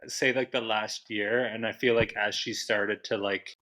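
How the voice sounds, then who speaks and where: A man's voice: on the low side, steady tone, measured pace, pushed and bright, rough recording. A man chatting casually on a podcast, rambling with lots of fillers. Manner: rambling, many likes and restarts.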